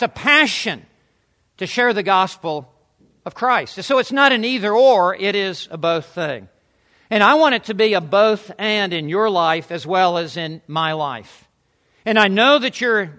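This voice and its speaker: A man's voice: high voice, sharp tone. A man preaching a sermon, emphatic, stressing points by repeating words and dropping joking asides.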